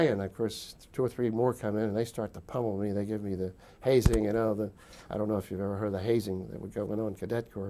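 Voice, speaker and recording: An older man with a low, dark-toned voice tells his memories in an interview. He rambles warmly through the story, full of little fillers, and chuckles often as he goes. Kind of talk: recounting wartime memories.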